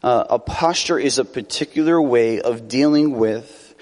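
A man's voice: mid-range voice, a little slow. A man preaching a sermon in a casual, conversational way, often adding tag questions and light laughs.

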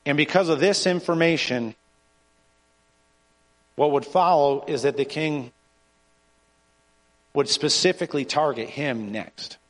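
A man preaching a sermon and reading scripture aloud, in an earnest, halting way with frequent restarts. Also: fairly high pitch. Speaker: pastor. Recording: long hall reverb.

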